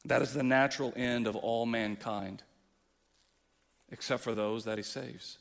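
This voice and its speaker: A male pastor preaching a sermon with passion, dropping low and then rising loud. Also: fairly even intonation, a little slow, creaky. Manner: impassioned preaching, swings from quiet to loud. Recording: long hall reverb.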